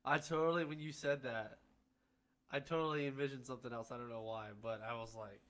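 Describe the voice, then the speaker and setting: A man co-hosts in loose podcast chat. He talks in a medium-pitched, everyday voice and slips in wisecracks and laughs between his friend's lines. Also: fairly even intonation, brisk, fairly bright tone. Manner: wisecracking, chimes in with jokes and laughs. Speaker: podcast co-host. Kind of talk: casual chat.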